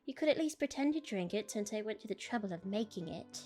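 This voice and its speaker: A woman's voice: mid-range voice, expressive, fast talker, mellow, soft background music, natural voice. A woman voicing a lonely, polite antique female doll in a put-on accent. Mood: prim.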